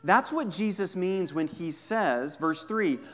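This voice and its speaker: Male pastor, mid-high voice, chatty humorous sermon delivery, quiet asides and punchy emphasis. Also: expressive, slow pace. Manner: conversational and humorous, swinging from hushed to emphatic.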